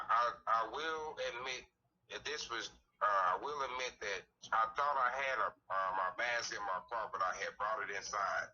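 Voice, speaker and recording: A man's voice: lowish voice, pushed and bright. A man in his thirties in casual conversation as a podcast guest, rambling and cursing freely. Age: 30s. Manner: rambling storytelling with frequent cursing. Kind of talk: casual chat. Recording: distant, thin lo-fi mic with faint hiss.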